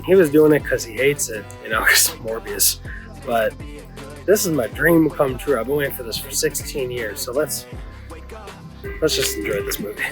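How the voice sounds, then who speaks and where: A man's voice: medium pitch, a bit bright. A man vlogging in a casual video-diary style, candid and rambling, swearing freely. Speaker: movie vlogger.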